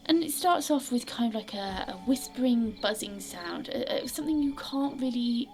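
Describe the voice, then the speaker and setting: A woman narrating a tabletop game as game master, dropping into a descriptive hush for suspense. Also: fairly high pitch, lively intonation, moderate pace.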